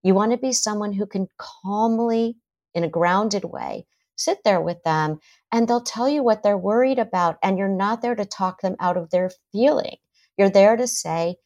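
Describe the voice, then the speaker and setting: A middle-aged woman, a psychotherapist, talking in a podcast interview and acting out parents and kids in quick quotes. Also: medium pitch, darkish tone. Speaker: psychotherapist guest.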